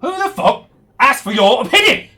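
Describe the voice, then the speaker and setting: A man's voice: mid-range voice, big pitch swings, normal speed, fairly bright tone, husky, full character voice. A man doing a sneering cruel pirate captain. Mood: menacing. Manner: sneering, mocking threats. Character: menacing male pirate captain, cruel and taunting.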